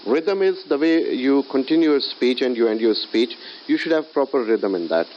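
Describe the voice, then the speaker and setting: A man teaching English in a recorded lecture, often pausing with filler sounds as he explains. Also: medium pitch, expressive, darkish tone. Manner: hesitant, many filler sounds. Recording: dull lo-fi audio with faint hiss.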